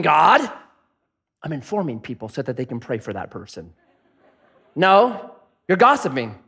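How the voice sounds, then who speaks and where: A middle-aged man preaching a sermon, telling stories and swinging between punchy lines and hushed asides. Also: sits high. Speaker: pastor. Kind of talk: sermon with storytelling.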